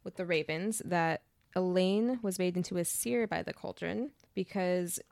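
A woman's voice: lowish voice, unhurried, vocal fry, darkish tone, no echo. A young woman co-hosting a casual book podcast, laid-back as she recaps the plot. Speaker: podcast co-host.

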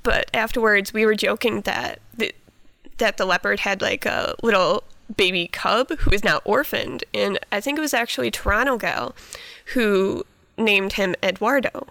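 A woman guest on a casual podcast, soft-spoken and giggly, hesitating as she talks. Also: medium pitch, moderate pace, gravelly, no room sound.

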